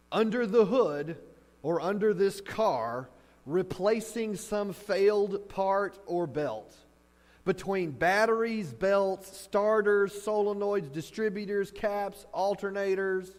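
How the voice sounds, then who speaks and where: A man preaching a sermon as pastor, animated and storytelling, acting out reactions as he speaks. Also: sits high, slow pace. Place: church hall. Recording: hall reverb with mains hum.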